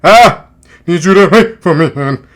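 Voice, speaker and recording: A man doing a short impression of a gruff male rapper, drawling lyrics loudly. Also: sits high, animated, measured pace.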